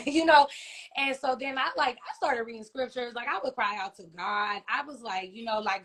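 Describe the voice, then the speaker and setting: Woman, interview guest, slightly high voice, halting and heartfelt testimony with many restarts. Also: a bit bright. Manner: halting, heartfelt, many fillers and restarts, often asks "you know what I mean?". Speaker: interview guest, grieving mother and author. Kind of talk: emotional personal testimony in an interview.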